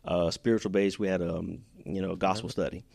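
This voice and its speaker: A man's voice: low voice, steady tone, fairly quick, creaky, darkish tone, no echo. A man from Houston, Texas, talking as a podcast guest in an earnest, heartfelt way, often restarting his sentences. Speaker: podcast guest, business owner. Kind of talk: casual interview chat.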